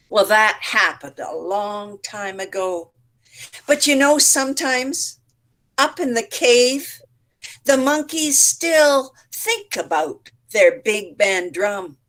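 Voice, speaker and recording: Slow, expressive woman storyteller. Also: a little high. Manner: expressive, acts out voices and sounds. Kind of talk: participation storytelling for teachers. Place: home setup, online session. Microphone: video call.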